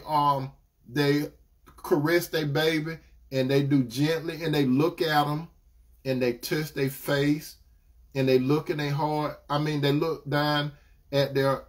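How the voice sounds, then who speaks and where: A man, giving a preacherly relationship talk and repeating key lines as he addresses brothers and sisters. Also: on the high side. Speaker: relationship teacher. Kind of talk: live-streamed preaching talk.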